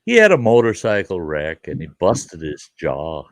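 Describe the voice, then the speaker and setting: A deep, gravelly man spins a folksy story in easy conversation, laughing along and acting out the voices of the people in it. His voice sits very low, and the sound is dry and close. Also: huge pitch swings, moderate pace, dry recording. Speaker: show host. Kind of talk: casual storytelling chat.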